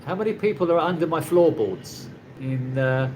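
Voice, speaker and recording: A man's voice: a little high, lively intonation, moderate pace, a little mellow, a little hiss or hum. A man from England, hosting a rambling casual live chat with viewers from his condo, laughing often. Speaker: livestream host. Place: condo in the Philippines.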